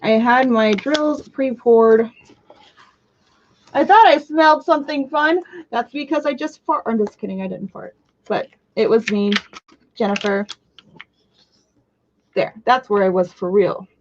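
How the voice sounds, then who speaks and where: A young woman in her twenties hosts a live crafting stream in a loose, rambling chat. She jumps between topics, pokes fun at herself and lets out sudden squeals. Her voice sits a little high and comes through muffled, lo-fi audio. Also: unhurried, long pauses, darkish tone, slight background noise. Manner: chatty, scattered and self-mocking, with bursts of squeals. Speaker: crafting livestream host.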